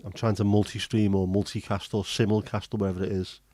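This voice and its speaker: Chatty man, low and mellow. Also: little pitch movement, quick pace, no echo. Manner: chatty, joking, swears casually. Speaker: livestream host. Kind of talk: casual chat reading viewer comments.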